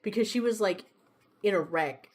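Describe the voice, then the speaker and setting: Young woman streamer just yapping, cusses a lot, mid-pitched, laughs at her own stories. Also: moderate pace. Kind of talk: casual chat while drawing on a livestream.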